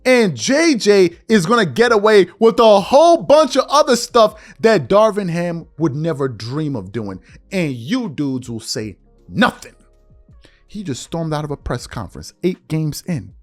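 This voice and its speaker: A man's voice: high-pitched, a little slow, faint music behind. A man hosting a podcast, delivering a heated, confrontational sports commentary rant and calling his listeners out. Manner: animated, confrontational, mocking, calls listeners out. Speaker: podcast host.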